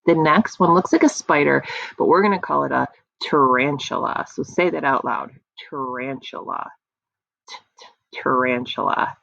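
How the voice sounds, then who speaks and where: Slow, sing-song teacher woman, slightly gravelly. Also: low-pitched, a bit bright, dry recording. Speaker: kindergarten teacher. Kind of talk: online phonics lesson for young children. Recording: dry, dull lo-fi computer audio.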